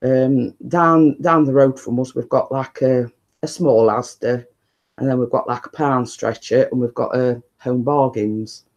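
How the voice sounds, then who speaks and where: A man hosting a casual live stream from his living room, talking quietly and rambling chattily to viewers. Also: medium pitch, steady tone, a little slow. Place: living room at home, indoors.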